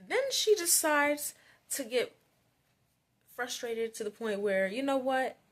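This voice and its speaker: A woman vlogger with a high-pitched voice speaks at a slow pace while telling a childhood story. Her delivery is casual and chatty, rambling with lots of fillers and "like"s, and she gets more animated over time.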